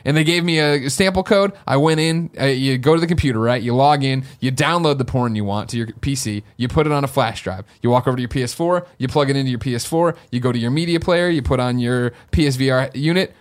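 A young adult man co-hosting a podcast, telling a story in excitable, animated casual chat. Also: mid-range voice, fast, few pauses. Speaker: podcast co-host.

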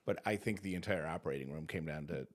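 A man's voice: rumbling low, quick pace. A man co-hosting a podcast with his wife, joking in a laid-back, self-mocking way. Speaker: podcast co-host, her husband. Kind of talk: casual conversation.

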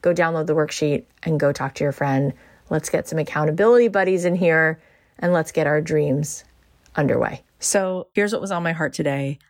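A woman's voice: sits low, moderate pace. A woman hosting a motivational podcast, speaking earnestly and encouragingly to her listeners. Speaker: podcast host.

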